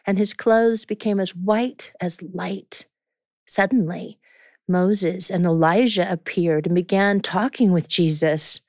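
Smooth-voiced woman host reading scripture. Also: fairly low pitch, no echo. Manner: measured, clear reading voice. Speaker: podcast host. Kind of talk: scripture reading and show introduction. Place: recording studio. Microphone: studio microphone.

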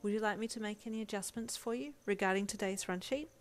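A woman's voice: mid-range voice, quick pace, faint music behind, voice pushed up, natural voice. A woman voicing a cheerful, eager-to-please young female assistant in a storybook reading. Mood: cheery. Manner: bright and cheerful.

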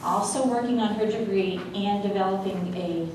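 A woman giving a halting tribute speech at a school board meeting, with many fillers. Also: medium pitch. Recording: echoey hall, mic from far off, noisy.

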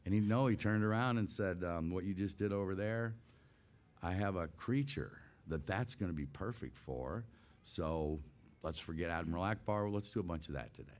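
A man in his sixties with a slightly low voice tells a backstage story as an interview guest. He is animated and laughs easily. He acts out the scenes as he goes. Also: normal speed. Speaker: guest voice actor. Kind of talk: casual anecdotal storytelling.

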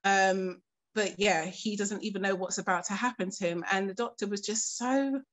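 A woman telling a painful personal story in a documentary interview, earnest and composed, pausing often with fillers. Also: medium pitch. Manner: earnest, halting storytelling with frequent pauses and fillers; keeps her composure while recounting something painful.

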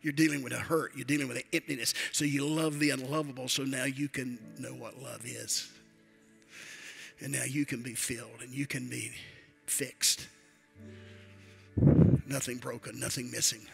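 A man's voice: medium pitch, fairly even intonation, normal speed, vocal fry, a bit bright, faint music behind. An older man, a retired pastor, preaching a sermon in a church with emphatic, repetitive declarations.

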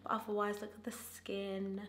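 A woman's voice: mid-range voice, completely flat delivery, moderate pace, a bit bright. A woman beauty vlogger chatting casually while doing her makeup, gushing with enthusiasm and slang. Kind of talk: casual get-ready-with-me chat. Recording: roomy echo with faint music.

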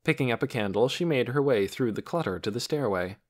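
A man narrating an audiobook chapter in an expressive storytelling manner. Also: fairly quick. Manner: expressive storytelling with lively pitch. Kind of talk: scripted narration.

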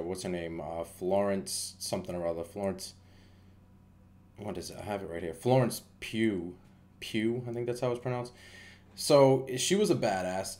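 A man's voice: on the low side, darkish tone. A man giving a casual, rambling movie review, with lots of fillers and restarts.

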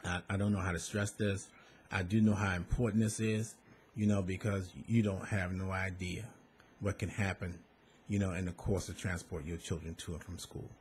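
In a deep voice with flat delivery and a moderate pace, a Maryland man who once ran buses speaks earnestly to parents about school bus safety. He repeats and emphasizes his points in this public appeal. There's slight background noise.

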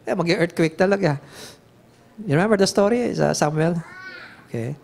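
Filipino pastor with a higher voice. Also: male voice, normal speed, vocal fry, darkish tone. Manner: emphatic, questioning the audience, reads verses aloud. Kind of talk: bible teaching sermon.

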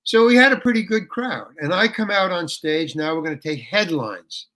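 Animated older man telling a story. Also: high voice, moderate pace. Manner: animated, colloquial storytelling with frequent "man" and "you know". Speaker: interview guest. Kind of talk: storytelling in an interview.

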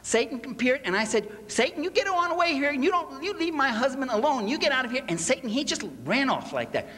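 Man putting on a high-pitched voice, fervent preacher's wife, folksy and plucky, echoey hall. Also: fast, exaggerated voice. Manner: high-pitched excited mimicry. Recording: echoey hall with faint ambience.

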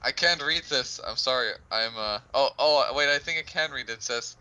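A man's voice: medium pitch, normal speed, bright, forceful tone, poor audio. A young man in a game commentary, giving directions and making dry quips. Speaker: let's play co-commentator. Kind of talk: casual gaming banter.

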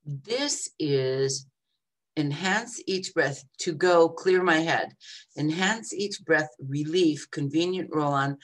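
An older woman in her seventies with a low voice talks at an easy, slow pace. She chats through an unboxing vlog, drifting into little asides and reading labels aloud. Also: a little hiss or hum. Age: 70s. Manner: chatty and meandering, reads product labels aloud. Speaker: vlogger.

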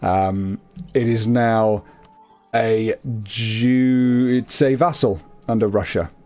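A man's voice: on the low side, fairly even intonation, slow, a little mellow, faint music behind. A young man casually chatting through a co-op strategy game, chatty and self-amused. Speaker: game commentator. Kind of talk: casual co-op gameplay chat.

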